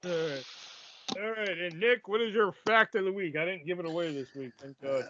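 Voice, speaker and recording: High-voiced man hosting a podcast. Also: brisk, sharp tone, a little hiss or hum. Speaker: podcast host. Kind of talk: casual podcast chat. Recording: dull, dry lo-fi audio.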